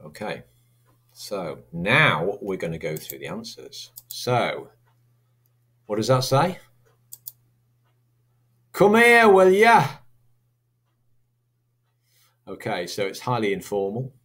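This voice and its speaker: A man's voice: low voice, animated, a little slow, a bit bright, husky. A man teaching a recorded lesson, chatty and asking his students rhetorical questions. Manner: chatty, asks rhetorical questions, acts out sample accents.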